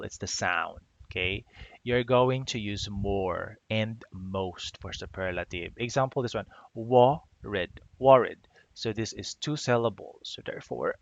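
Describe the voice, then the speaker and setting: A man's voice: fairly low pitch, creaky, a bit bright, dry recording. A man teaching an English grammar lesson, explaining step by step and often checking in with "okay?". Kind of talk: grammar lecture. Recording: dull lo-fi recording.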